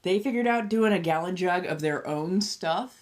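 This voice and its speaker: A woman's voice: lowish voice, moderate pace. A woman in her thirties hosting a casual livestream, ranting with lots of swearing and laughter. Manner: profane, animated ranting with frequent laughter. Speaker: livestream host and tarot reader.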